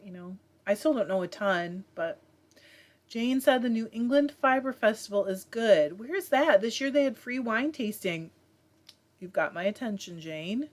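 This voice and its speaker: A woman from Michigan hosting a casual livestream, chatting and reading viewer comments aloud with many fillers. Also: mid-range voice. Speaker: livestream host reading chat. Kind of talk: casual chat.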